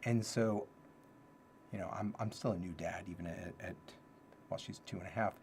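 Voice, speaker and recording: A man's voice: deep voice, fairly even intonation, moderate pace, a little mellow, slight background noise. A man hosting a casual livestream talk, thinking aloud and repeating his key phrases. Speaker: livestream host teaching self-development ideas.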